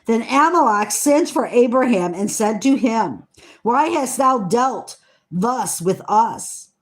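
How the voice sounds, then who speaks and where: A woman slowly reading scripture aloud, earnest, stumbling over hard names and adding eager comments of her own. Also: a little high. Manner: excited asides about the text. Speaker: Bible reader.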